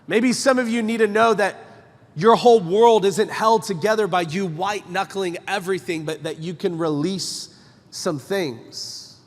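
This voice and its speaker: Male pastor, slightly high voice, preaching in a church with long hall reverb; emphatic and conversational, lots of rhetorical questions. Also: unhurried. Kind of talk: sermon. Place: church sanctuary.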